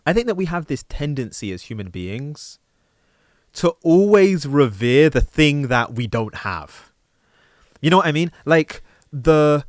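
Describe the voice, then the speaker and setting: A man's voice: mid-range voice, no echo, studio quality. A man from London with a London accent, talking casually on a podcast and acting out people he quotes. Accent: London English. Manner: animated, acts out quoted people. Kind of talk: casual conversation.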